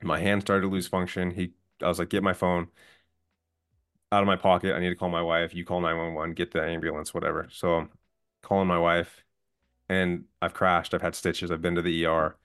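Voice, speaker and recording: Guest, man in his 20s, low register, earnest and candid storyteller, plain-spoken. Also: brisk, clean tone. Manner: calm, earnest, candid with profanity. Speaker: podcast guest. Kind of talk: personal storytelling.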